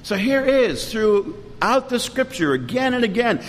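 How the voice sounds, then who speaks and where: A pastor preaching a sermon with fervent emphasis and sudden loud rises in his voice. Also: big pitch swings, a little slow. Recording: long hall reverb, faint rumble.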